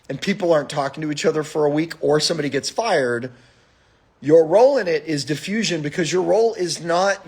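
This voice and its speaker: Husky-voiced man ranting on a stream. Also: on the high side. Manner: profane, animated storytelling. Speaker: live stream host. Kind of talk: casual monologue.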